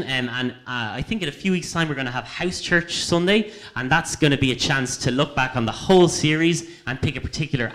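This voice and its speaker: A man giving an informal sermon, conversational, with many fillers and restarts, quiet at times and emphatic at others. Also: medium pitch. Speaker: preacher.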